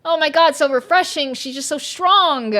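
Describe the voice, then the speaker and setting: A woman's voice: high voice, expressive, moderate pace, pushed and bright. Young woman ranting sarcastically on stream. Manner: exasperated, sarcastic, swears a lot. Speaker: VTuber streamer reviewing a book. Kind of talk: casual ranting stream chat. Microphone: streaming mic.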